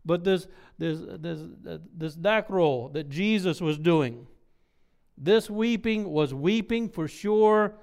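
A man's voice: high-pitched, takes it slowly, a little mellow, clean tone. A man preaching a sermon, asking the congregation rhetorical questions and acting out sounds. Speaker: pastor.

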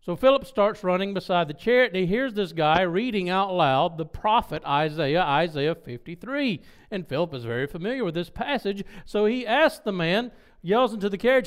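A man's voice: high voice, expressive, moderate pace, smooth. A man preaching, retelling a scripture story with voiced dialogue and chuckling asides. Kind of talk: sermon storytelling.

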